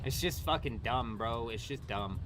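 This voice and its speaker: A man's voice: mid-range voice, moderate pace, noisy background. A young man streaming a game live, ranting and swearing at its combat mechanics. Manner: frustrated, profane, ranting. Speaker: gaming streamer. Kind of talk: live gameplay commentary.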